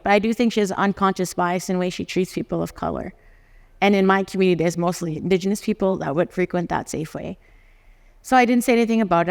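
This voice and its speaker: A lawyer in their forties from Canada, giving a conference talk and acting out the dialogue in personal stories. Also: medium pitch. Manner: animated storyteller who acts out dialogues and often laughs. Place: conference hall. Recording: long hall reverb.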